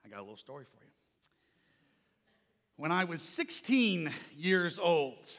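A man preaching a sermon, telling a lively personal story with a loud, carrying voice. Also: fairly high pitch, measured pace, long reverb tail. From Oklahoma. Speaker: pastor.

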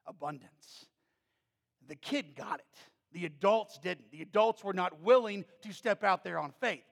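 High, gravelly preacher in a reverberant hall. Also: male voice, unhurried. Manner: animated, storytelling preacher who rises to emphatic peaks. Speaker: pastor. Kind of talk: sermon. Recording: long reverb of a large hall.

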